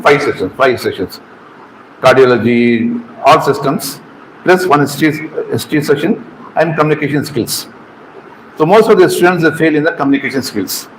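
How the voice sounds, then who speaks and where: Halting man giving an informal medical lecture. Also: fairly high pitch, a little hiss or hum, rough recording. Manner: halting, repeats words, asks the audience questions. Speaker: medical exam trainer.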